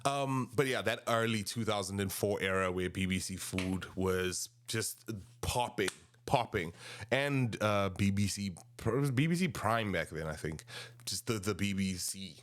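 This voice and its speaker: A man in his thirties with a South African accent, rambling and animated as he tells casual stories about his past. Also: on the low side, unhurried, slight background noise. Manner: rambling, animated, restarts often. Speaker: podcast host. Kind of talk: casual storytelling monologue.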